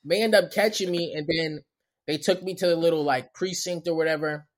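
A man, a comedian guest, telling a story on a podcast in animated, profane street slang. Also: on the high side, fairly quick. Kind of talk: storytelling in casual chat.

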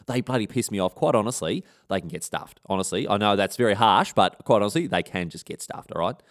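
A man's voice: fairly low pitch, lively intonation, quick pace, close to an everyday voice. A man with an Australian accent voicing an eager, agreeable male soldier sidekick who gushes and stammers in slang.

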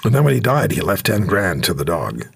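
A man hosting a talk show, telling stories and jokes in an animated, jokey way. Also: low voice, a little fast, gravelly, breathy edge. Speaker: radio talk show host. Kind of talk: casual storytelling talk.

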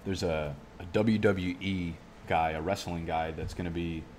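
A young man with a very low, deep voice chats through a fantasy draft in a loose, rambling way. He swears often and keeps drifting off on tangents. Faint background noise sits under the recording. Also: fairly even intonation, unhurried, darkish tone. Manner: rambling, profane, goes off on tangents. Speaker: fantasy football YouTuber. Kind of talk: casual vlog commentary while drafting.

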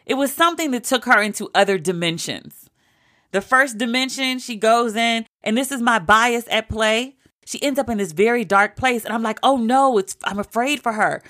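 A woman's voice: fairly high pitch, sharp tone. A woman recapping a TV show in casual, emphatic talk, with some swearing. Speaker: TV show reviewer.

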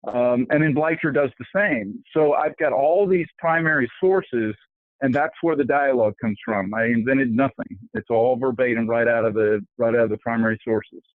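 A man talks through his answers in a tinny, phone-like sound with a close, dry feel. He fills pauses with ums and you-knows and restarts his sentences as he explains. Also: mid-range voice, no echo. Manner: talkative, many fillers and restarts. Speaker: author guest. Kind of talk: interview answers.

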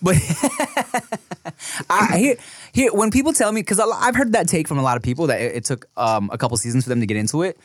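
Brief: young male podcast co-host, lively swinging pitch, dry close mic, laughs and swears a lot. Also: brisk, dry recording. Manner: laughs often, swears freely, animated storytelling. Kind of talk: casual podcast banter.

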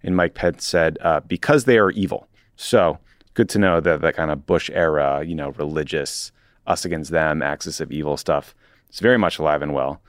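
A man's voice: extremely low pitch, steady tone, normal speed, clean tone, dry recording. A man co-hosting a political podcast in casual chat, dry and wry, reading excerpts aloud with short asides. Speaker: podcast co-host.

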